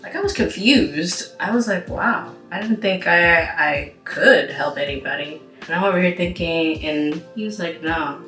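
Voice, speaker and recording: Young woman rambling a storytime over makeup, lowish voice, echoey room with music under it. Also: a little slow, few pauses, fairly bright tone. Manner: rambling, heavy use of "like" and "you know". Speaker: vlogger. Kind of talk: casual storytime while doing makeup. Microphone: camera mic. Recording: roomy echo with background music.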